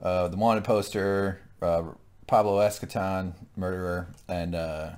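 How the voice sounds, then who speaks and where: A man's voice: low-pitched, fairly even intonation, unhurried, darkish tone, clear, resonant tone. A man co-hosting a casual TV recap podcast, joking and breaking into silly voices. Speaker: podcast co-host.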